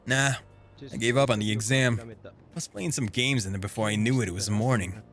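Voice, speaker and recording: A man voicing a brash, lazy teenage boy who talks rough and blunt. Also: on the low side, fairly quick, a bit bright, soft background music.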